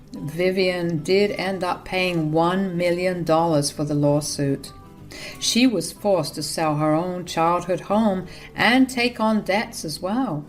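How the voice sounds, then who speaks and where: A woman narrating a first-person story in an even, matter-of-fact way with sarcastic jabs. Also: lowish voice.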